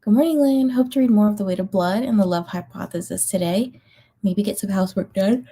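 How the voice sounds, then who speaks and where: A woman's voice: mid-range voice, a little fast, mellow, slightly rough. A woman hosting a livestream, chatting casually and reading out viewer comments, sleepy and yawning, with many ums and little laughs. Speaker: livestream host of reading sprints.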